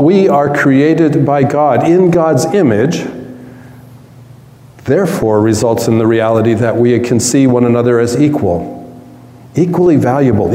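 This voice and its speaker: A male pastor delivers a sermon in a relaxed, conversational way, turning to the room with asides. His voice has a mellow, dark tone. It carries through a large hall with long echo. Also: mid-range voice. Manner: conversational, warm-humored preaching with asides.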